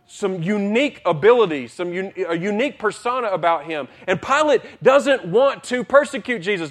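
A man's voice: high-pitched, fairly bright tone. A male pastor preaching a sermon, retelling a story with acted-out dialogue and repeated words as he builds intensity.

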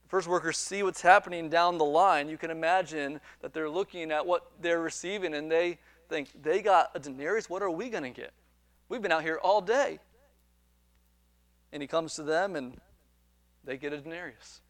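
A man with a high voice preaches a sermon. He retells a parable in an animated way, acts out the quoted dialogue and repeats words as he builds each point. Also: moderate pace, dry recording. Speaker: pastor.

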